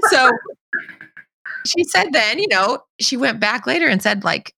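A middle-aged woman hosting a podcast, chatting and telling a lively anecdote while acting out the voices she quotes. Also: high voice, measured pace, gravelly. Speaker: podcast host. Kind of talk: casual conversation.

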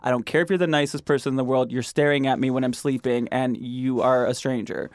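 A podcast host from Michigan with a Midwestern accent, talking casually, laughing often and using many fillers. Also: male voice, mid-range voice, steady tone, fairly quick, dry recording, clean studio sound. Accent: Midwestern American. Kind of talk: casual chat.

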